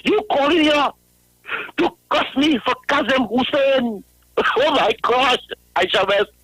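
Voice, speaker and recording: A man calling in to a radio show, ranting in a high voice, laughing through his words and mocking a critic again and again. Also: unhurried, fairly bright tone, breathy edge, dry recording, rough recording. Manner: repetitive, mocking, addresses a critic by name. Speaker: radio caller. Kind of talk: ranting call-in. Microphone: phone line.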